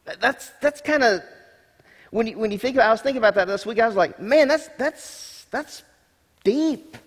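A senior pastor, male, delivers a quick-paced sermon in a high voice, driving home each point with repeated words and rhetorical questions. A long reverb makes it sound like he's in a large church hall.

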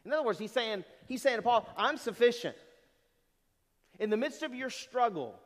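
A man preaching a sermon, animated and full of rhetorical questions to the congregation. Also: extremely high pitch, brisk. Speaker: pastor. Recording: long hall reverb.

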